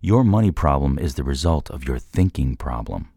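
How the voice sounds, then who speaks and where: A man voicing a calm, firm male business mentor in an audiobook, lecturing in a measured way. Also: very deep voice, no room sound, clean studio sound, heavily acted. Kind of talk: audiobook character voice.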